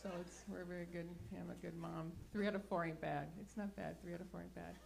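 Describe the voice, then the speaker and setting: A woman's voice: lowish voice, steady tone, fast, creaky. A middle-aged woman from the States doing stand-up in a small club, dry and self-mocking in her delivery. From United States. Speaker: comedian. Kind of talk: stand-up comedy. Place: small smoky comedy venue.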